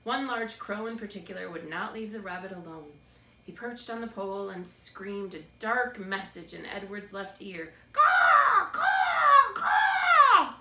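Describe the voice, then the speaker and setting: A woman narrating a children's book in a steady, expressive read-aloud. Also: mid-range voice, moderate pace. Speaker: storybook reader. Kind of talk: scripted narration. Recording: roomy, distant mic, faint background noise.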